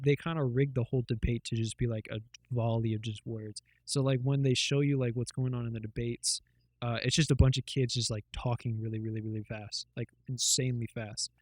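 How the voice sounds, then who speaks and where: A man with a medium-pitched, slightly mellow voice, recorded dry, rambles in casual podcast chat. As co-host, he retells things loosely, packing in fillers and swearing.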